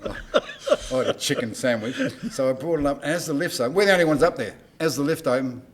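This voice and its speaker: An older man with an Australian accent, a podcast guest telling lively backstage anecdotes and acting out the dialogue. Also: fairly high pitch, a little fast, slight background noise. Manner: animated anecdote-teller, acts out dialogue in raised voice. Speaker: guest, entertainment promoter. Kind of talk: casual storytelling on a podcast.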